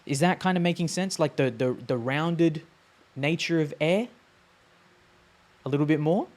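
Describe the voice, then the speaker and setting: A man teaching a language on a live stream, casual and chatty, repeating sounds slowly to demonstrate them. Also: on the high side, a little mellow.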